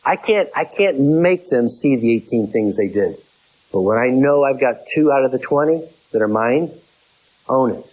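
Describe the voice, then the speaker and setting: A man's voice: expressive, moderate pace, darkish tone, rough recording. A middle-aged man preaching a sermon, laying out numbered points and repeating key phrases for emphasis. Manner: acts out quoted voices in a high pitch.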